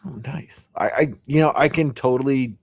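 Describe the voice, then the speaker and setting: A man's voice: medium pitch, normal speed, vocal fry, breathy edge, no room sound, studio quality. A man hosting a casual podcast interview, enthusiastic and chatty, acting out little quotes in his stories. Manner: enthusiastic, friendly, acts out quotes. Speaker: podcast host. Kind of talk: casual chat.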